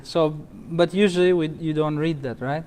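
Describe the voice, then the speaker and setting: A man's voice: a little high, fairly even intonation, normal speed, a little mellow. A man teaching a tajweed class as imam, quizzing students letter by letter and reciting each example word.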